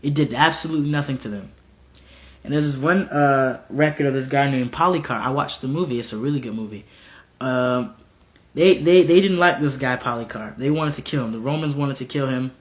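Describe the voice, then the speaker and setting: A man's voice: medium pitch, fairly quick. A man preaching casually and earnestly, often stumbling and repeating words as he talks, now and then acting out bold dialogue. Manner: animated, acts out bold dialogue. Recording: dull lo-fi recording.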